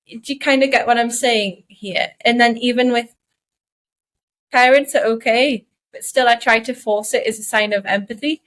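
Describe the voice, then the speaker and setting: Higher-voiced woman thinking aloud. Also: steady tone, normal speed, fairly bright tone. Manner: reflective, searching for words mid-sentence. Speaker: podcast co-host. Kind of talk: casual chat.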